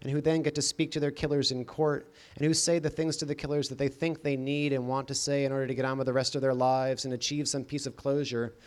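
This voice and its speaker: A man reading first-person scripted narration in a deadpan, dry comic manner. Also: mid-range voice, fast talker, few pauses. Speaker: audiobook narrator.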